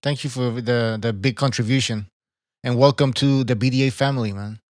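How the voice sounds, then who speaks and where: A man hosts a boxing podcast live stream at a middle pitch, thanking viewers and reading from the chat. The sound is close and dry. He keeps a casual, loose tone. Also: steady tone, brisk, no echo. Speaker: podcast host.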